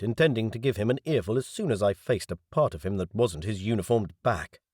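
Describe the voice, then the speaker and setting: Low-voiced male audiobook narrator. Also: no echo, studio quality. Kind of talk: scripted first-person audiobook narration.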